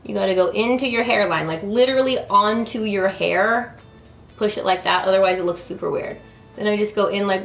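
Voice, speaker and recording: A woman's voice: mid-range voice, brisk, vocal fry, fairly bright tone, roomy sound, faint music behind. A woman in her thirties chatting through a makeup tutorial, bubbly and talking straight to her viewers. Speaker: beauty vlogger.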